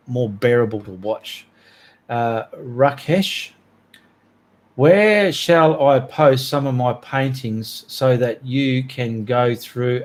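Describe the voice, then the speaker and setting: A man with an Australian accent hosting a casual art livestream, reading out viewer comments and thanking them in a chatty, cheerful way. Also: mid-range voice. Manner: chatty, cheerful, reads names aloud and drawls thanks.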